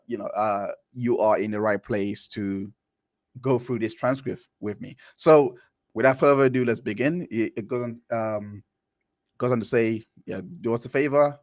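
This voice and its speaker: A man's voice: lowish voice, dry recording, clean studio sound. A man hosting a live stream, reading through a court transcript and commenting in a casual, rambling way with many restarts. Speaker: stream host.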